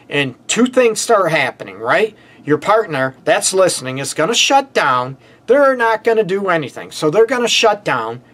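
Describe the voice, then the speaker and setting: A middle-aged man hosts a live relationship-advice show, talking straight to his viewers in a casual, energetic way. His voice sits a little high for a man, and he keeps checking in with "right?" and "okay?" as he repeats his points. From United States. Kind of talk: casual advice talk to a live-stream audience.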